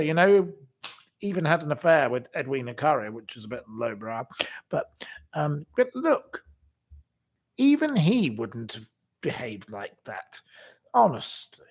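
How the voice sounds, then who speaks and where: Slow, theatrical man ranting about politics. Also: a little high, big pitch swings. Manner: indignant and theatrical, swinging between loud outbursts and quiet asides; slow, drawn-out delivery with many fillers. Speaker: livestream host. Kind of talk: casual political rant to viewers.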